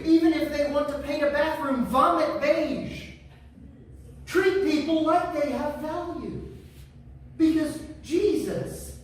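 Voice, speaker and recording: A man's voice: very high-pitched, a little hiss or hum. A man preaching a sermon as pastor, emphatic and repeating key phrases for weight. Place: church sanctuary. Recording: echoey church from far off.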